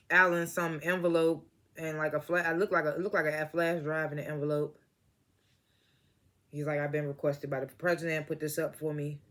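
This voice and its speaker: A man's voice: fairly high pitch, bright, forceful tone. A man casually recapping a TV episode, laughing often and acting out the characters' lines, and he says he is stoned. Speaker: TV episode reviewer.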